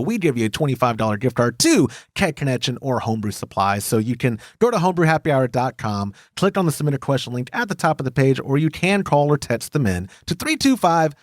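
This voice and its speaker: A man with a Texan accent hosts a casual podcast, joking around and reading listener emails aloud. His pitch swings widely as he talks. The sound is dry and close to the mic. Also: dry recording. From Texas. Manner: lively, jokey, reads listener emails aloud. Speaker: podcast host.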